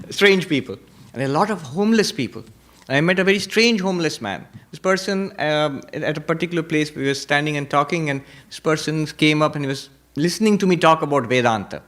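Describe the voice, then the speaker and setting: A monk teaching Vedanta in a spiritual lecture, telling stories, reciting Sanskrit verses and repeating key points for emphasis. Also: male voice, fairly high pitch, fairly bright tone. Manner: emphatic repetition.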